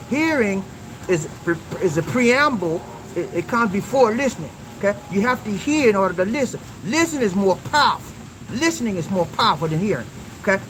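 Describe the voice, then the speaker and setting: A man's voice: high voice, background noise. A man hosting a relationship advice talk, preaching emphatically to his viewers with call-and-response questions and repeated lines.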